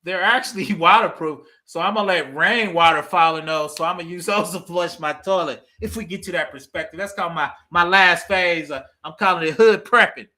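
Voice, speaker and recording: Brisk and barely pausing, a middle-aged cybersecurity host with a high, sharp voice chats casually with his livestream viewers. He reads the chat, laughs a lot and keeps asking "right?".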